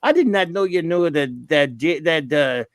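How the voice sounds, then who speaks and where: A man's voice: fairly high pitch, lively intonation, normal speed, dry recording. A man from Louisiana, hosting a casual livestream chat and breaking into a Cajun impression. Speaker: host.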